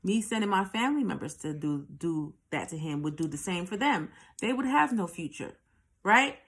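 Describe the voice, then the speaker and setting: Her lowish, slightly bright voice has lively intonation and a moderate pace. The host shares a personal story in a blunt, foul-mouthed way, frequently repeating lines for emphasis.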